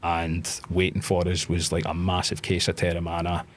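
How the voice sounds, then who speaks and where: A man with a Scottish accent, a podcast guest telling stories in a lively way and acting out the voices of the people in them. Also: deep voice, normal speed. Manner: animated anecdotes, acts out quoted voices. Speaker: podcast guest, pro wrestler. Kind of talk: casual storytelling interview.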